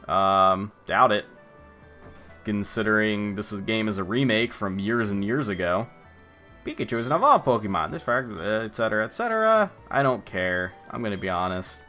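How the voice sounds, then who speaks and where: A man's voice: fairly low pitch, lively intonation, normal speed, sharp tone, soft background music. A young adult man giving casual, sarcastic commentary on a game he is playing, joking and talking back to the characters. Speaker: let's play commentator.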